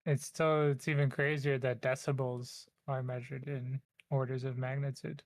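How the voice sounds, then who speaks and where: Flat-voiced man chiming in. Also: medium pitch, normal speed, dry recording. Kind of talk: casual chat.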